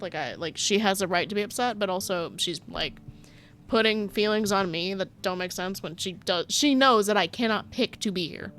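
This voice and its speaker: Playing through a game, this young female streamer voices its text and interrupts herself with teasing, sarcastic jokes, laughing frequently along the way. Her voice is mid-range and a little bright, and her manner stays chatty and playful.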